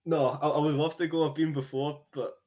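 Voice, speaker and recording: A man's voice: fairly high pitch, little pitch movement, a little fast, dark tone. A man from Scotland on a live darts stream, chatting in a self-deprecating way with hesitant restarts. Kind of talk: casual live stream chat.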